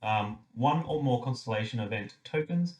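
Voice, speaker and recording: A man's voice: mid-range voice, animated, moderate pace. A man playing a tabletop game, reading game text aloud in a playful way.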